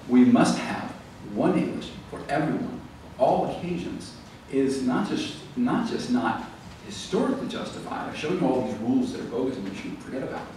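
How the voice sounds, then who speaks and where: A man giving a lively, conversational public lecture to a library audience, then taking questions. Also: medium pitch. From American South. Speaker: author giving a library talk. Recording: roomy echo, distant mic, faint background noise.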